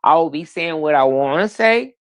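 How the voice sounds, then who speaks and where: A woman's voice: sits low, expressive, no echo. A woman co-hosting a live stream, speaking in an outspoken, unfiltered way. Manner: unfiltered, outspoken, slow and deliberate. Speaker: livestream co-host. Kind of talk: casual live chat.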